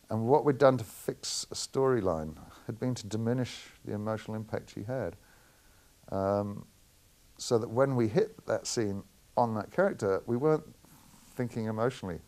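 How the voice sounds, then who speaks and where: This middle-aged man, a film editor, answers interview questions candidly and anecdotally, chuckling often. His voice sits on the low side, brisk and a little mellow.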